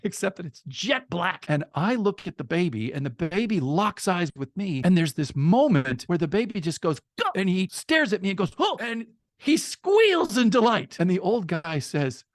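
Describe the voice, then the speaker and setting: A man with a gravelly edge to his voice spins a personal story with animated energy, laughing as he goes and slipping into other people's lines. The sound is close and dry, with no room around it. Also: fairly high pitch, no room sound. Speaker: podcast guest, storyteller.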